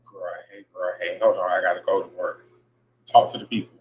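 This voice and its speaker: A man's voice: sits low, level tone, brisk, highs cut off, slight background noise. A man hosting a casual podcast from his workplace, venting in an exasperated, profane way and repeating himself. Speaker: podcast host. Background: faint buzzing ambience.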